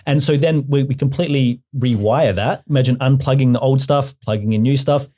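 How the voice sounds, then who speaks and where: A man's voice: mid-range voice, a little fast, mellow. A male hypnotherapy trainer, a guest on the podcast, explaining his methods with humor in a casual interview.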